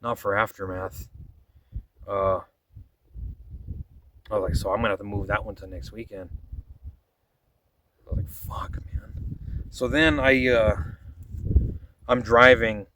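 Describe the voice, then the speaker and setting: A man's voice: on the low side, steady tone, unhurried, long pauses, recorded from a distance, noisy background. A man telling rambling, profane stories about making his videos, often quoting himself in a casual monologue. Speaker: vlogger.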